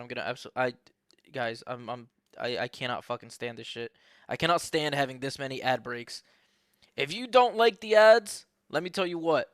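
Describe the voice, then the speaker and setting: A man's voice: fairly high pitch, a bit bright, no room sound, clean studio sound. A young man giving casual, profane, joking commentary on a sim race while bantering with his live chat.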